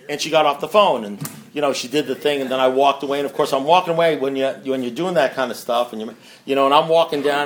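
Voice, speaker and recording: A man's voice: on the high side, a bit bright, a little hiss or hum. A man sharing a story with a recovery meeting, rambling and self-mocking, with many asides to the listeners. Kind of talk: storytelling share to a meeting audience.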